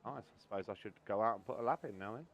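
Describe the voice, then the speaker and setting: A man's voice: on the low side, rapid-fire, highs cut off, a little hiss or hum. Joking, foul-mouthed gaming streamer man. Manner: joking, swears freely, storytelling. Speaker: sim racing co-op streamer. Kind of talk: casual gaming banter.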